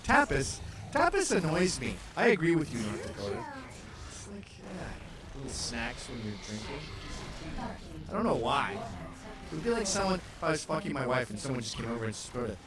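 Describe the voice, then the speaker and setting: A man's voice: medium pitch, very animated, moderate pace, crowd noise. A man hosting a casual comedic chat, reacting to maps with profane wisecracks. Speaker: host.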